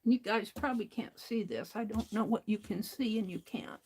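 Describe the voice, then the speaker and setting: A woman's voice: medium pitch, moderate pace, a little mellow, husky. A woman hosting a crafting livestream, chatting to viewers while she works and laughing often. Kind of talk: casual crafting chat while working.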